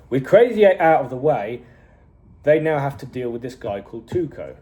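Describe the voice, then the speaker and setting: A man casually reviewing a TV series, retelling scenes with animated energy, frequent chuckles and swearing. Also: mid-range voice. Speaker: TV show reviewer.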